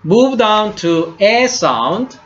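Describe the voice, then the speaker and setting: A man teaches a class at a deliberate, unhurried pace. His voice sits fairly high and swings up and down a lot as he repeats words for his students. The recording sounds dull and lo-fi. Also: very animated, soft background music. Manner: slow, repeats words and asks "right?" often. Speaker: Hebrew teacher. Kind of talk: classroom lesson.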